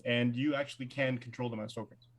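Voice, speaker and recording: A man's voice: medium pitch, steady tone, fast talker, crowd noise. A man narrating as dungeon master of a live-streamed tabletop game, describing scenes with small fillers.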